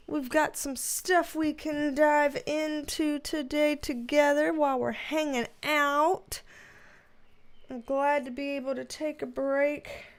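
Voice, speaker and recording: A high-voiced woman chats slowly and easily on a livestream, greeting viewers one by one. She sounds worn out and yawns now and then, but laughs often and keeps things friendly. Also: smooth. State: tired, yawning. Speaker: tarot reader streamer. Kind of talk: casual livestream chat.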